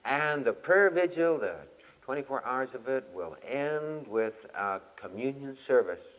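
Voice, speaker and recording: A man, a camp meeting speaker, giving a folksy sermon with lively storytelling and exhortation. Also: mid-range voice, a little slow. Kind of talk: folksy sermon with humorous anecdote. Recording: dull lo-fi 1967 tape, long hall reverb.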